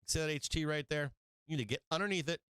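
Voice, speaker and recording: A man hosting a live stock market stream, walking through charts in a brash, excitable way with casual swearing. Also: a little high, fast, clear, resonant tone, no echo. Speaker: stock market show host.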